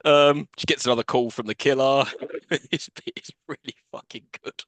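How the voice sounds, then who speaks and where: A man talks through a film on a podcast, chatty and laughing between lines. His voice sits at an ordinary pitch, and the sound is close and dry with no room around it. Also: fairly even intonation, moderate pace, no room sound. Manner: recaps scenes, laughing often, swears casually. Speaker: podcast co-host. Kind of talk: casual film recap chat.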